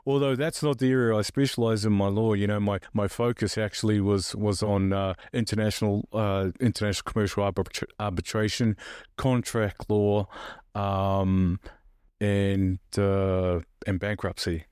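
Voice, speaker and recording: A man from New Zealand with a New Zealand accent, a podcast guest talking casually and haltingly with many restarts. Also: on the low side, level tone, darkish tone, clean tone, no room sound, studio quality. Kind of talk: casual interview talk.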